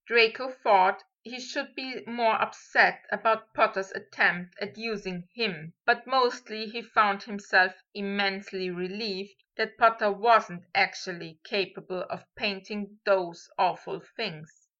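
Slow, bright-voiced woman reading a story. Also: medium pitch, dull audio. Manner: measured, steady reading. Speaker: audiobook reader. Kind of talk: scripted story narration.

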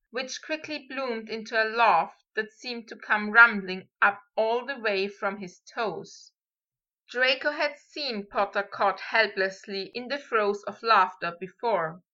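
A woman narrating a fan fiction story in a measured, expressive way, on a dull lo-fi recording. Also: on the high side. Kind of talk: fan fiction audiobook reading.

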